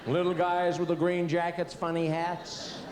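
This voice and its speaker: A loud, boastful Texan man drawls his way through every line in a put-on Texan American accent, as an Irish comedian puts him on. The voice sits a little high, and a faint hiss runs underneath. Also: monotone, unhurried, echoey room, natural voice. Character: bragging Texan man, a neighbour abroad.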